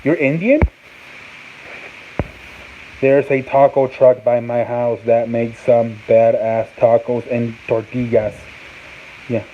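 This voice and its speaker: A man with a mid-range voice hosts a sports talk show over casual live-stream chat, speaking slowly with fairly even intonation and frequent pauses. He rambles, swears, and sounds words out again and again. The audio is tinny and phone-like, with faint noise.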